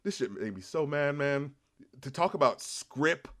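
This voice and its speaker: Male host, slightly higher voice, swears a lot, laughs easily, acts out film scenes for a casual review chat. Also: unhurried. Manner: profane, animated, laughs often, acts out scenes in quotes.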